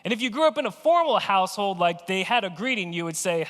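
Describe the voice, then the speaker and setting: Male pastor with a high voice, preaching chatty, story-driven sermons; reverberant church hall. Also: animated, fast, fairly bright tone. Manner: conversational storytelling, playfully acting out phone calls. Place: church sanctuary.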